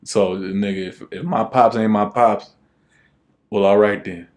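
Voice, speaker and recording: A man's voice: lowish voice, fairly even intonation, unhurried, a little mellow. A young man co-hosting a podcast in casual chat, laid-back and rambling with lots of fillers. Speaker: podcast co-host.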